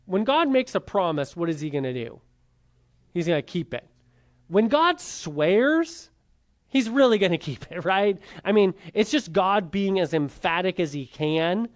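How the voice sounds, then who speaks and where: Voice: medium pitch, big pitch swings, a little slow. A Bible class teacher giving an informal lecture, talking casually with many fillers and tag questions, and putting rhetorical questions to the class before answering them.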